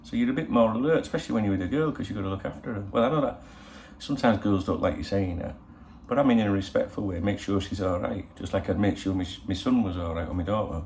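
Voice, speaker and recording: A middle-aged man with a low, gravelly voice chats casually to his viewers. He rambles on in a cheeky, profane way, as the regular host of his own channel. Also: fast talker, few pauses, a little mellow, slight background noise. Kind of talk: casual chat. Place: in Spain.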